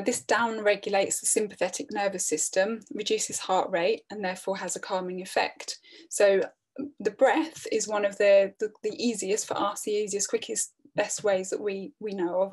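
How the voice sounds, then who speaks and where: Middle-aged woman, webinar presenter, calm and earnest, flat even delivery. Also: mid-range voice, normal speed. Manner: calm, earnest, with frequent restarts and fillers. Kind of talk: online training talk.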